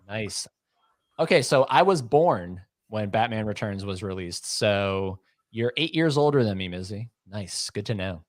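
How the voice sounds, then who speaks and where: A man's voice: fairly low pitch, expressive, a little slow, dry recording, clean studio sound. A man in his thirties co-hosting a casual livestream, reading chat comments aloud and teasing with a rambling, joking manner. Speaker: podcast co-host.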